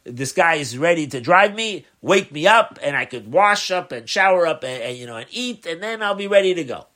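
A man puts on a hurried traveler pleading for an early ride, talking quickly and pressing hard. The voice sits a little higher than most men's. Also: expressive, sharp tone. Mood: urgent. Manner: pleading, rushed. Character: hurried male traveler asking favors.

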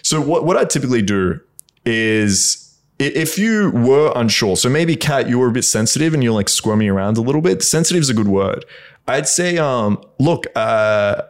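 A man on a casual podcast chat, talking straight and instructive about intimate matters. His voice sits at an ordinary middle pitch and he drops swear words freely. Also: lively intonation, moderate pace. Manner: blunt, instructive, swears often. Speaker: podcast co-host giving sex advice.

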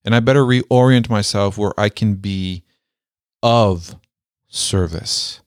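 A man's voice: fairly low pitch, smooth, no room sound. Man, motivational storytelling, emphatic, repeats phrases, dry close sound. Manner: emphatic, repeats key phrases, slows down for weight. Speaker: speaker telling a personal story.

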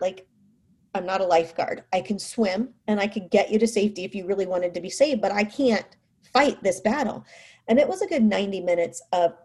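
Her voice is mid-range and slightly rough as this mother shares a personal story in an informal way. She's animated, acting out what others said, with frequent "like" and "you know."

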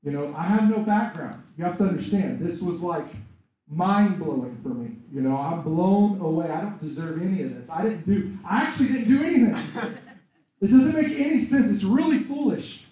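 A man preaching a sermon and telling his own testimony in an animated storytelling manner. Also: a little high, fairly quick. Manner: animated storytelling, acts out voices in quotes. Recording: very echoey room, voice far from mic.

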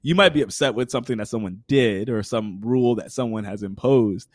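A man's voice: medium pitch, brisk, no room sound, clean studio sound. A man in his twenties, a podcast guest, talking earnestly in an interview and explaining with everyday examples. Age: 20s. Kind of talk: conversational interview.

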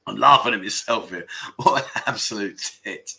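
A man's voice: on the low side, normal speed, gravelly, pushed and bright. A man hosting a casual livestream chat show, reading out viewer comments with lots of laughter and mock-grumbling banter.

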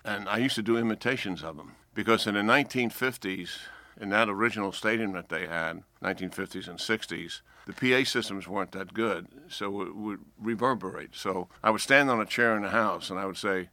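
An older man with a slight New York accent, a four-star general telling a lively anecdote as a podcast guest and acting out the voices of people in the story. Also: lowish voice, fairly quick, hardly any pauses, no echo. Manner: lively storyteller who acts out quoted voices.

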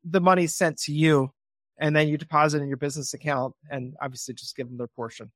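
Man, guest investor, animated, role-plays calls with a cheery voice; slightly high voice, dry booth sound. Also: fast talker, no room sound. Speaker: real estate investor guest. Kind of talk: podcast interview.

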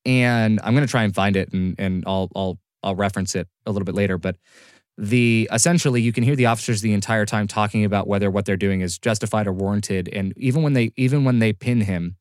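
A man's voice: on the low side, fast, darkish tone, smooth, dry recording, studio quality. A man co-hosting a casual podcast discussion, explaining hesitantly with many restarts. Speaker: podcast co-host.

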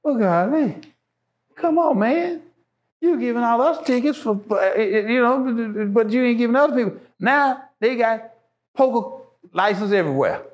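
Man, high voice, impassioned guest, emphatic, repeats himself for effect. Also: lively intonation, measured pace. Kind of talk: impassioned casual talk.

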